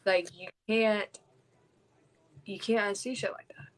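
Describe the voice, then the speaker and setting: A woman's voice: medium pitch, steady tone, takes it slowly, low-quality recording. Blunt woman telling a raw story. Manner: raw, blunt, heavy swearing. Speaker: podcast host. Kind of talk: candid personal storytelling.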